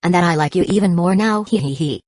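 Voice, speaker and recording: A woman voicing a playful, teasing teenage girl with a weak heart, soft and a little breathless. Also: lowish voice, fast, no echo, clean studio sound, lightly acted.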